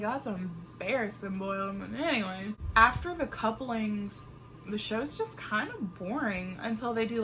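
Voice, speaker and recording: A woman chatting to camera in an animated way, reviewing a reality show and laughing often. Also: mid-range voice, slight background noise. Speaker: vlogger reviewing TV shows. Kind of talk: casual chat to camera.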